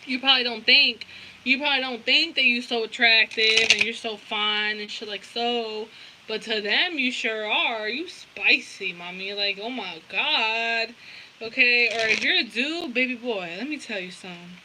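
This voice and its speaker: A woman's voice: a little high, normal speed, background noise. A young woman giving a casual tarot reading, blunt and profane, with lots of slang. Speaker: tarot reader.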